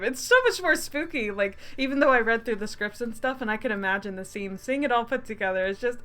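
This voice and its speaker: A woman's voice: medium pitch, fairly bright tone. A woman streaming a game she helped make, reading the text aloud and chatting casually, laughing often. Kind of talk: casual let's-play narration.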